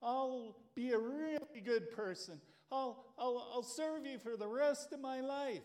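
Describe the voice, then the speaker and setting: A man voicing a panicked man hanging from a cliff, yelling and pleading in a high, strained voice. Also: unhurried. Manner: frantic, high-pitched yelling.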